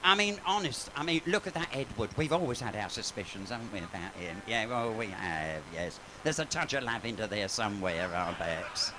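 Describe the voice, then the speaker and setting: A man's voice: lowish voice, lively intonation, normal speed, hardly any pauses, background noise. A man doing live bawdy comic patter in a pub, camp and gossipy, and he swears freely. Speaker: cabaret comedian and singer. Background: piano accompaniment.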